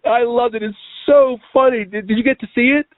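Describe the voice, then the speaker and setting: A man's voice: extremely high pitch, steady tone, a little fast, dry recording. A man co-hosting a review show, chatting enthusiastically with his co-host. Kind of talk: casual chat. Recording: dry tinny phone-like line.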